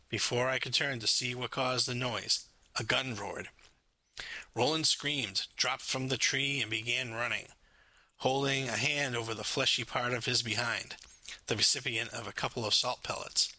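A man from France narrating his own memoir in a measured, wry storytelling manner. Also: mid-range voice, sharp tone, dry recording. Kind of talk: scripted narration.

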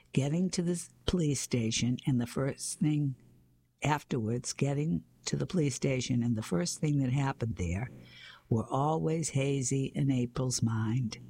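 A man reading a children's mystery story aloud in a steady storytelling way, sometimes going back to reread a phrase. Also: medium pitch, gravelly, slightly rough, dry recording. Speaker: narrator.

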